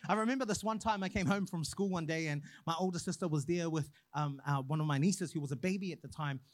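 A young man preaching a sermon, praying and then telling a personal story in an animated way. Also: high-pitched, fast talker, dry recording. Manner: animated storyteller, acts out quoted voices.

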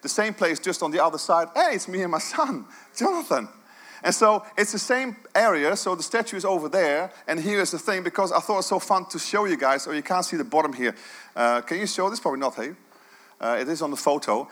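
A middle-aged man preaching a sermon, telling the story with animation and swinging from quiet, hushed lines to loud outbursts. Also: on the high side, lively intonation, fairly quick.

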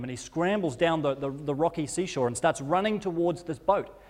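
A man's voice: a little high, normal speed, a little mellow, long reverb tail. A male preacher telling a story as a sermon, vivid and dramatic, rising and falling in intensity with occasional stumbles. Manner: vivid retelling that rises and falls in intensity, with stumbles.

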